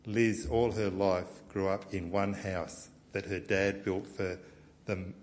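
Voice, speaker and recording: A middle-aged Australian man delivering a sermon in a low voice. He talks in a loose, conversational way, full of little anecdotes. He often restarts a phrase as he goes. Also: level tone, takes it slowly, slight background noise. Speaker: pastor.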